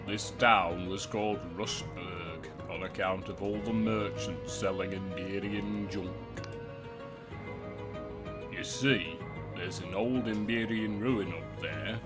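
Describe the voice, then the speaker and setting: Man reading as a slow, folksy old townsman. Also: fairly low pitch. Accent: British. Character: gruff old male townsman, sixty years in a ruined town.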